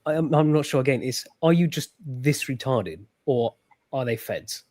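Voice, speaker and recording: Husky, halting male guest. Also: medium pitch, a little mellow, dry recording. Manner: halting, hesitant. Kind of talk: casual chat.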